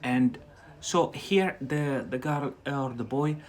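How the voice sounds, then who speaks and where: A man with a Scottish accent teaching English on a livestream, chatty and repeating words slowly for learners. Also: mid-range voice. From Scotland.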